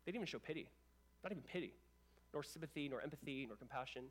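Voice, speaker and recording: A young pastor preaches to his church at a fast, animated clip, dropping casual asides to the congregation. For a man, his voice sits fairly high, and he holds a brisk, lively pace through the whole sermon.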